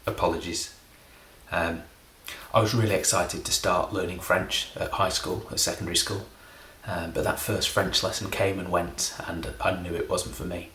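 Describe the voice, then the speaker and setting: Deep-voiced middle-aged english guy doing a rambly deadpan magic bit, roomy sound with a bit of hiss. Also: moderate pace. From England. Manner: deadpan, self-deprecating, meandering. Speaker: comedy magician. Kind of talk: rambling comedic monologue.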